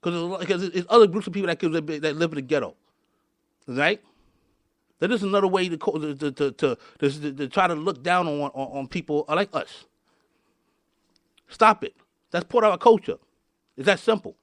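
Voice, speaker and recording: Male podcast host with a high voice, ranting hard and tripping over repeated words. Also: moderate pace, long pauses, fairly bright tone, dry recording. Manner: fired up, repeats and restarts words often. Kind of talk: heated podcast rant.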